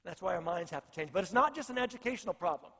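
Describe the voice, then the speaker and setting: Man, pastor, earnest sermon, repeats phrases for weight, fairly high voice, long hall echo. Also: expressive, rapid-fire, a bit bright, husky.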